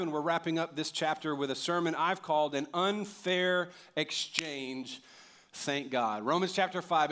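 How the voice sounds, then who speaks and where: A pastor in his thirties preaching a sermon, animated and jokey, rising to loud emphatic peaks. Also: a little high.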